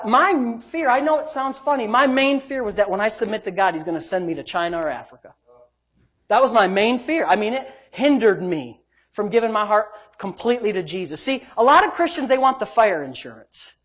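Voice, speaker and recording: A man preaching a sermon and telling his own story. He swings between loud, emphatic preaching and low, muttered asides, and he acts out the quoted voices. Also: expressive, moderate pace. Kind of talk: sermon with personal testimony.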